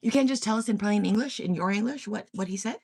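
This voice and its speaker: A woman's voice: mid-range voice, quick pace, a little mellow, husky, no room sound, clean studio sound. A woman from Korea hosting a casual livestream, reading comments and giving blunt, profane opinions. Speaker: livestream host.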